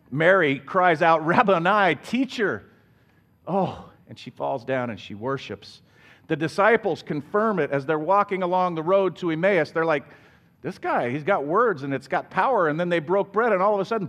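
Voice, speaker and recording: Male pastor preaching in church, fairly high voice that swoops up and down, plays out quotes. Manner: lively preaching with acted-out quotes and plain asides. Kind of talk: sermon. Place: church sanctuary.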